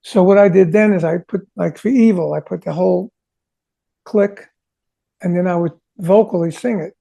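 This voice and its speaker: A man with a high, deeply gravelly voice recounts studio stories to an interviewer. His tone is dark and mellow, and he tells things in an animated way, acting out what people said to him. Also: normal speed. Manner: animated, sings drum parts vocally; acts out quoted conversations. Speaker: rock drummer, interview guest. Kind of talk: casual storytelling interview.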